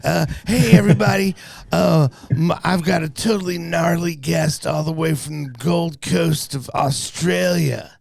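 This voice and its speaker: Brief: hoarse, hyped-up stuntman bro, a podcast host putting it on, pitched way up, gravelly edges. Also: no echo, clean studio sound, heavily acted. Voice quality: hoarse and raspy. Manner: excitable, drawn-out surfer-dude delivery.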